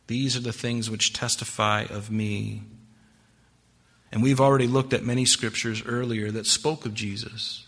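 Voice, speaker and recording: Male pastor, bright forceful tone, sermon delivery, emphatic then hushed. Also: mid-range voice, steady tone, a little slow. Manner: expository preaching with scripture quotes; swings between emphatic rises and hushed drops.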